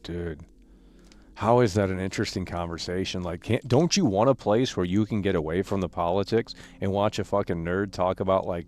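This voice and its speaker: A man's voice: low voice, darkish tone. Ranting, profane male game streamer. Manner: ranting, profane, dismissive, stammers and repeats words. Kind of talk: live-stream commentary reading chat and comments.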